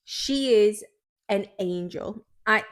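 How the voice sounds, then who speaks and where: A woman's voice: mid-range voice, takes it slowly. A British woman co-hosting a podcast, chatting casually and enthusiastically, often repeating herself. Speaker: podcast co-host. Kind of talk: casual chat.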